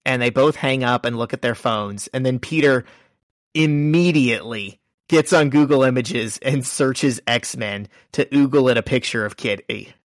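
Man, podcast co-host, casual story recap, quotes characters, mid pitch, dry close sound. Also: measured pace, no echo. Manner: lively storyteller, quoting characters. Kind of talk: casual chat, retelling a comic issue.

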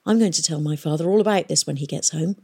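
A woman's voice: low-pitched, fast talker, vocal fry, warm tone, breathy edge, heavily acted. A woman voicing an anxious, earnest teenage girl who pleads and protests. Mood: indignant. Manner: pleading, indignant.

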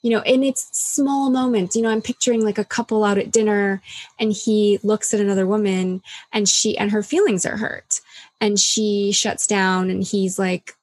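Talking casually, this woman comes across as candid and reflective, scattering "like" throughout and acting out quoted dialogue. Her medium-pitched voice is a little mellow, with fairly even intonation and a normal speed, recorded without room sound.

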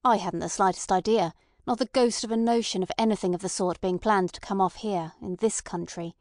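A woman's voice: medium pitch, brisk, a little mellow, no room sound, clean studio sound, natural voice. A woman voicing an impatient, resentful male anarchist in an audiobook, blunt and agitated.

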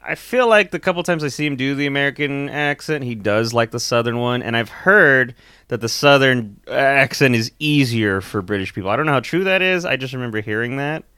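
A man co-hosting a movie podcast, rambling casually with restarts and quick laughs. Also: mid-range voice, animated, pushed and bright, clean tone, no room sound, studio quality. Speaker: podcast co-host. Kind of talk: casual movie review chat.

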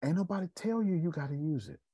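Animated preacher-style live streamer, man. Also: a little high, quick pace, husky, dry recording, studio quality. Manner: animated and preachy, with Southern Black American slang. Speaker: host of a live video show. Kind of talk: casual live-stream talk.

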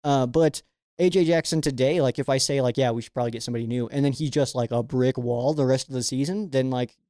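A man's voice: medium pitch, fast, mellow, no room sound, clean studio sound. A young man hosting a fan sports show, rambling casually through viewer questions and leaning heavily on "like". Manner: rambling, filler-heavy, with frequent "like".

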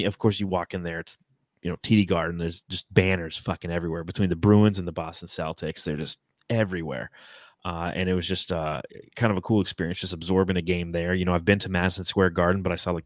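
A man's voice: deep voice, no echo, studio quality. A man co-hosting a podcast, telling rambling, profane stories in casual chat over a remote call. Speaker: podcast co-host.

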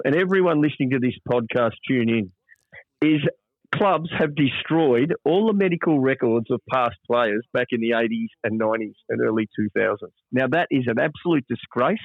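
An older Australian man and podcast co-host, telling stories in a casual, animated way. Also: mid-range voice, dry recording. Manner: animated storyteller who acts out quoted voices. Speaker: podcast co-host, player manager. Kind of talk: casual storytelling chat. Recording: dry, phone-like narrow sound.

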